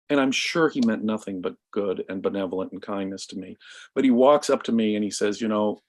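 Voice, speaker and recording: A man in a casual discussion, telling a story in an emphatic, animated way. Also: on the low side. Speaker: guest commentator.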